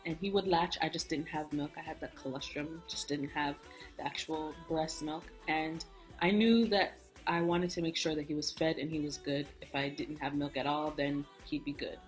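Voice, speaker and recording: A woman's voice: low-pitched, moderate pace. A young woman vlogger candidly telling a personal story in casual chat, acting out what people said. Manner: candid, animated storytelling, acts out quoted speech. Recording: soft music bed behind.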